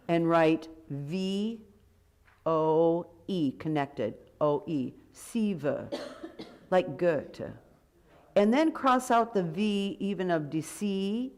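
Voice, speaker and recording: An older woman directing a choir rehearsal, coaching briskly and warmly, sometimes singing lines to demonstrate. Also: fairly low pitch. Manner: brisk, encouraging, gives sung demonstrations. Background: choir and piano music.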